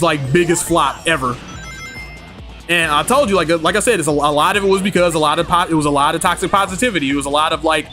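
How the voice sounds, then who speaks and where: A man's voice: on the high side, bright, forceful tone. Laid-back slangy male streamer. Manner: laid-back slangy talk, laughs often. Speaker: streamer reading chat. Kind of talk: casual live-stream chat.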